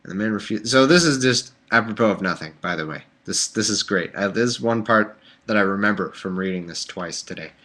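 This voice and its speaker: A man's voice: fairly low pitch, a little fast, sharp tone. A man hosting a livestream, reading Bible passages aloud in a mock-solemn voice and breaking off into sarcastic jokes. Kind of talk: casual reading with joking asides. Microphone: webcam or desk mic on a home livestream.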